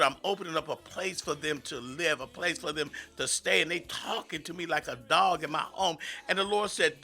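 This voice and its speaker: Bright-voiced fervent male radio preacher. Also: fairly high pitch, gravelly. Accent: American. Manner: emphatic, rising into fervent declarations. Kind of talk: radio sermon.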